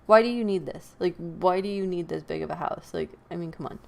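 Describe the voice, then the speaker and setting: A woman's voice: on the low side, brisk, vocal fry. A woman hosting a podcast, giving opinionated casual commentary with frequent laughs and sighs. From United States. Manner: animated, laughs often, sighs. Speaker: podcast host.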